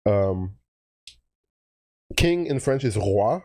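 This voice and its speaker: A man's voice: on the low side, lively intonation, very slow, warm tone. A man co-hosting a casual chat, wry and explanatory, with dry jokes. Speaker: co-host.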